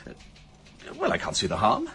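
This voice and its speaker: Blustering, bumbling police inspector. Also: male voice, on the low side, wildly swooping pitch, moderate pace, bright, forceful tone, soft background music, heavily acted. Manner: blustering, stammering, hearty laughs. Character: pompous, bumbling middle-aged police inspector. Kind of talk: radio sitcom acting.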